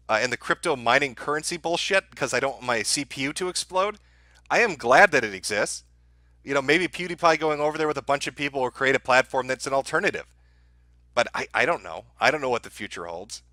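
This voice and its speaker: A man's voice: mid-range voice, bright, forceful tone, no room sound. A man hosting a livestream, ranting angrily with a lot of swearing about the topic he's covering. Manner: profane, angry, ranting. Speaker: livestream host. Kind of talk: heated livestream rant.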